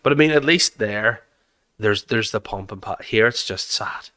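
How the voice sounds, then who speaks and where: A man's voice: fairly low pitch, pushed and bright. A man co-hosting a casual chat, jokey, riffing with asides and questions. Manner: jokey, riffs with quick impressions.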